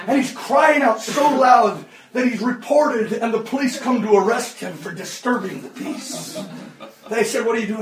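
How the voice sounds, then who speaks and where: A man in his fifties preaching a sermon, impassioned and often shouting. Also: very high voice, normal speed. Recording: echoey hall, distant mic.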